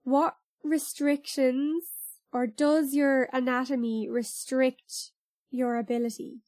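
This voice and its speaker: Chatty higher-voiced woman singer. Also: little pitch movement, slow, darkish tone, dry recording, studio quality. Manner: chatty, with filler-laden restarts. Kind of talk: casual podcast chat.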